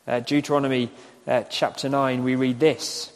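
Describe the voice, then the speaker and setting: A man preaching a recorded sermon, speaking slowly and repeating his questions for listeners to write down. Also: mid-range voice, little pitch movement. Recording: echoey hall with long reverb.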